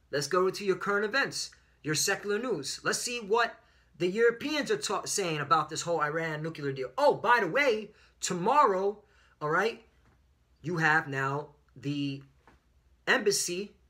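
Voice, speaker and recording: A man's voice: high voice, sharp tone. A man preaching a fiery religious commentary lesson with frequent fillers and profanity. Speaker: online preacher.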